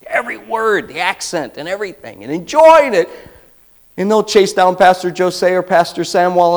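Animated man preaching a sermon. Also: normal speed, rough recording. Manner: conversational preaching with big swings in pitch and volume, acting out quotes. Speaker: pastor.

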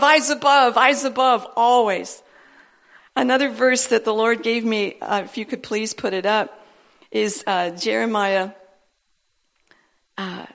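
A woman preaching a sermon in a church service, animated and building to emphatic declarations. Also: medium pitch, creaky.

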